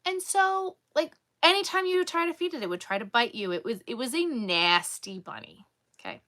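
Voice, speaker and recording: Bright, lively woman telling a story. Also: high-pitched, normal speed. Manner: animated, exasperated storytelling. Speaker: crochet vlogger. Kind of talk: casual storytelling.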